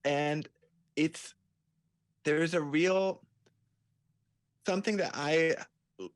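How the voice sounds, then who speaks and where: A man's voice: on the high side, steady tone, very slow, smooth, dry recording. A man who directs and acts, explaining his work at length in a casual interview. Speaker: director, writer and actor.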